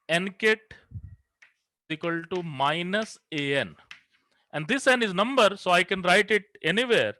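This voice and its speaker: Lively, bright-voiced male physics lecturer. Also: high voice, no room sound. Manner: talks through equations step by step, asks the class questions and answers them himself. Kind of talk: classroom lecture.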